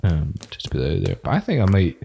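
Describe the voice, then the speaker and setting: A man co-hosting a casual podcast, cursing freely and laughing through his stories. His voice sits low but swings widely in pitch as he acts out his wife's lines. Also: huge pitch swings, fast, vocal fry, dark tone, a little hiss or hum. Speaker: podcast co-host. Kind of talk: casual chat.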